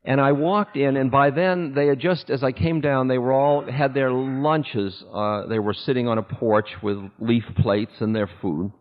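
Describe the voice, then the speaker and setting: A man's voice: mid-range voice, a little slow, hardly any pauses. Candid male storyteller in an echoey hall. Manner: candid, self-mocking, breaks into laughter. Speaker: spiritual teacher. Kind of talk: storytelling talk to an audience. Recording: echoey hall, dull older recording.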